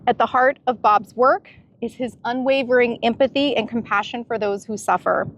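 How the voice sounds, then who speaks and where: A woman with a fairly high voice reads an introduction and asks interview questions. She sounds earnest and admiring, with a faint hiss behind her. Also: moderate pace. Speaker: interviewer and narrator.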